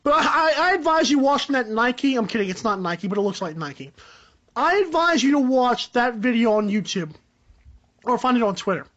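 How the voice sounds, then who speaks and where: Young man, podcast host, high-pitched, animated, rambling, joking, dull lo-fi recording. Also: moderate pace. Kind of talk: solo sports podcast rant.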